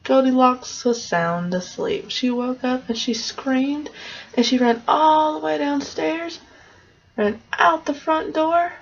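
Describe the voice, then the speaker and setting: A woman's voice: sits high, takes it slowly, gravelly. A woman casually retelling a fairy tale in a loose, conversational way, on a dull lo-fi recording. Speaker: storyteller.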